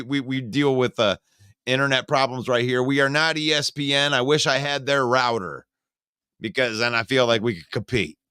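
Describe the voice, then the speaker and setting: Male sports stream host, crisp and dry up close, talks loose and opinionated to his live chat. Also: medium pitch, no room sound. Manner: chatty, greets viewers by name and reads comments; opinionated and animated, rants with sarcasm. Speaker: sports talk show host.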